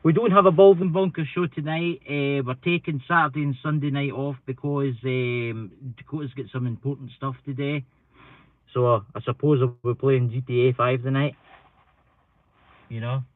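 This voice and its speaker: A man's voice: mid-range voice, steady tone, moderate pace, dry recording. Scottish man, live-stream chatter, rambling, self-deprecating, slightly stuffy from hay fever, tinny phone-like audio. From Scotland. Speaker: paranormal channel live streamer. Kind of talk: casual live-stream chat. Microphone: computer mic. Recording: tinny phone-like sound, dry.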